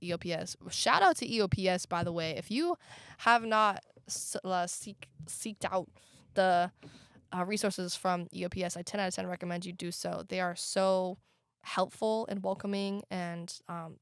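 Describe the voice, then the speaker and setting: A woman's voice: on the low side, moderate pace, clear, resonant tone, no echo, studio quality. A young woman from the American South co-hosting a casual college podcast, frank and opinionated with sassy asides. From Southern United States. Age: young adult. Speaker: podcast co-host; community college student and student life worker. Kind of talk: casual chat.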